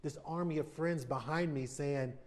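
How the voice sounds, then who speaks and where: A man's voice: a little high, normal speed. Candid, reflective American man in his fifties. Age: 50s. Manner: candid, reflective, acts out quoted voices. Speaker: interview guest, retired baseball player. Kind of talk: sit-down TV interview.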